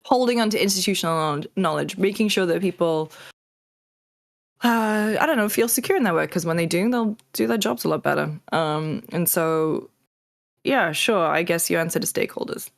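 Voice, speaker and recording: A woman's voice: on the low side, normal speed, vocal fry, no echo, clean studio sound. A woman co-hosting a games news show, speaking frankly with a wry, exasperated edge. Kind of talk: casual news discussion.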